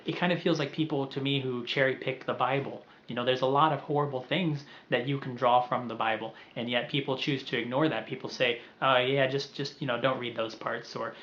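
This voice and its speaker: A man's voice: mid-range voice, fairly even intonation, a little fast, hardly any pauses, fairly bright tone, lo-fi sound. A young man talking earnestly and reflectively in a personal video letter to a friend, sometimes restarting his phrases. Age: young adult.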